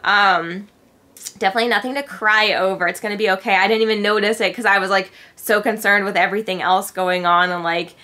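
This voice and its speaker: A young woman vlogging in a bright, clear voice. She talks in a loose, chatty way and leans on filler words throughout. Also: mid-range voice, fairly even intonation, fast talker, few pauses. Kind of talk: casual vlog chat.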